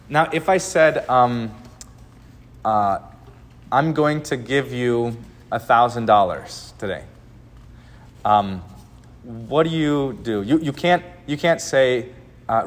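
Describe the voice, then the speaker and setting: A man preaching a sermon as pastor, talking conversationally and animatedly with many filled pauses. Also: medium pitch. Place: church sanctuary. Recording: long hall reverb.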